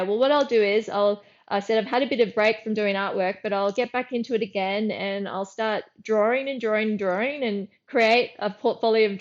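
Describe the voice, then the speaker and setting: A middle-aged Australian woman, a guest artist, telling lively anecdotes in a casual interview, acting out her own lines and often restarting sentences. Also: medium pitch, dull audio.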